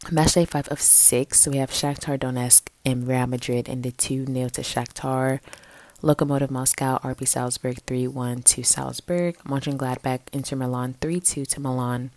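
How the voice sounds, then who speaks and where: A woman's voice: rumbling low, a little mellow. A young woman hosting her own casual sports podcast, chatting with lots of fillers and playful asides into a home mic. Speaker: podcast host.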